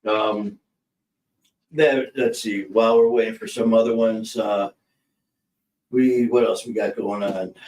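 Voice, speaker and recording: A man co-hosting a casual livestream, rambling warmly between corny jokes and shout-outs to viewers. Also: on the low side, fairly even intonation, a little slow, long pauses, roomy sound, recorded from a distance, slight background noise, rough recording. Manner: rambling, joke-telling, laughs easily. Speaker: livestream co-host.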